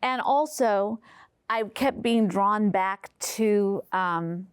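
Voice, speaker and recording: A woman's voice: medium pitch, clean tone, dry recording. Hesitant middle-aged woman in a dry interview. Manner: hesitant, many pauses and fillers. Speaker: interviewee, mother of the guest. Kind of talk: personal interview.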